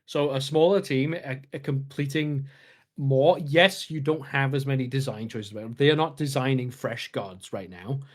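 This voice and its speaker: A man's voice: mid-range voice, normal speed. A man co-hosting a gaming podcast, walking through game strategy in casual chat with frequent restarts and fillers. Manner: explains at length, many filler restarts. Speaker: podcast co-host.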